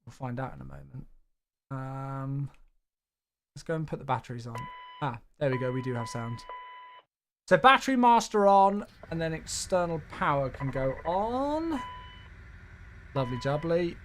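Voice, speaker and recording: A man's voice: mid-range voice, expressive, normal speed, background noise. A man giving chatty live commentary while streaming a flight simulator and cheerfully greeting viewers.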